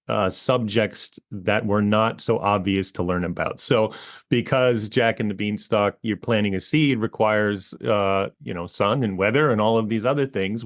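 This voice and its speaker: A man in his forties talks in a relaxed, rambling way, his lowish voice full of fillers as he explains his work. He is close on a microphone in a dry, dead-sounding space. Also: dry recording. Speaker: guest, educational comic author. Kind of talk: casual interview talk. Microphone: close podcast mic.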